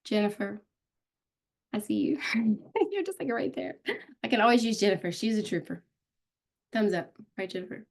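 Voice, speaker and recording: A woman's voice: mid-range voice, normal speed, long pauses. A woman giving a casual live online training on social media, talking directly to viewers and calling them out by name. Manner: chatty, calls out viewers by name.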